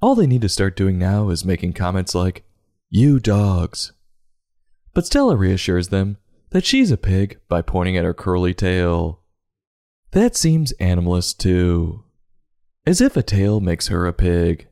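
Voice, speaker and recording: A man hosting a comedic book review, sarcastic and crude, with deadpan asides. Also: sits low, moderate pace. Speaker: podcast host reviewing a book.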